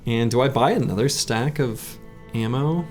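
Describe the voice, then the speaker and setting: Man, game streamer, gravelly voice, casual commentary, faint background music. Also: medium pitch, moderate pace, a little mellow. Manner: laid-back, thinking aloud, chatting with viewers.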